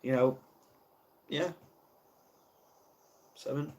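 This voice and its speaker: A man's voice: medium pitch, fairly even intonation, very slow, darkish tone. A young man from the UK chatting casually on a live stream, flustered and rambling, mocking himself as he goes. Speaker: ASMR livestreamer.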